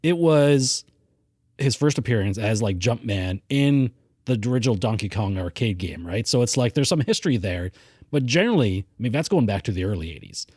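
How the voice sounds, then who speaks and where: A man co-hosting a casual film review podcast, chatty and quick to laugh at himself. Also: fairly low pitch, big pitch swings, darkish tone, husky, dry recording, clean studio sound. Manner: chatty, self-deprecating, laughs easily. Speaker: podcast co-host.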